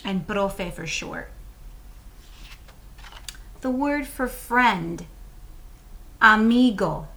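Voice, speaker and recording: Slow, patient woman teaching Spanish. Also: medium pitch, fairly bright tone. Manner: models words slowly and asks the class to repeat. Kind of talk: slow, clear classroom instruction to children.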